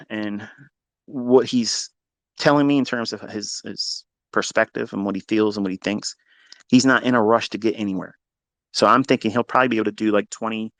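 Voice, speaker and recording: A man's voice: creaky, no echo. Blunt, swearing male trading teacher. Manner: blunt, heavy swearing, emphatic repetition; swings between loud bursts and low asides. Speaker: trading educator. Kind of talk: profane motivational lecture.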